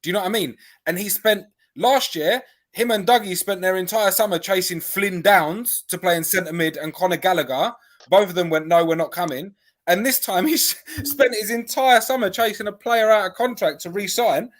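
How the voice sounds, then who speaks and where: Higher-voiced man, blunt and scornful. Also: normal speed, a bit bright. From Canada. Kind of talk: live fan reaction chat.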